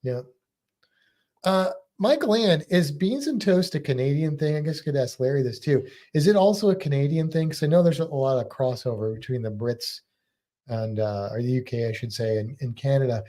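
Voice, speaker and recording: A man's voice: medium pitch, moderate pace, warm tone. An American man co-hosting a casual live stream, chatting and laughing as he answers viewer comments. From United States. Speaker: livestream co-host.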